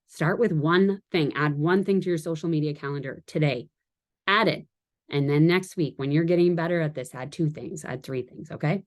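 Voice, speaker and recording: A woman giving a casual training talk to her sales team, chatty and quick to laugh at her own jokes and wander into asides. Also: fairly low pitch, darkish tone.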